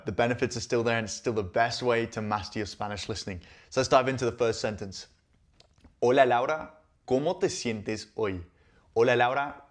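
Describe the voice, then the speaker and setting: Man, Spanish lesson host, explanatory, frequent asides, mid-range voice. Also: medium pitch. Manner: explanatory, checks in with listeners often. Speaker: Spanish teacher and channel host. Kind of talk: language lesson.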